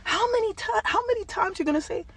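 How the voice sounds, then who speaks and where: A woman vlogger talking straight to the camera in an impassioned monologue, jumping from yelling to hushed tones. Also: very high-pitched, lively intonation, quick pace.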